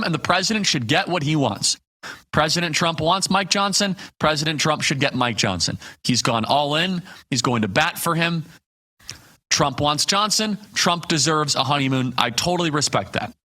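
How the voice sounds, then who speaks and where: Guy hosting a political talk show, bright punchy voice, fired-up rhetorical commentary. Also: a little high. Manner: emphatic, rhetorical, punchy lists.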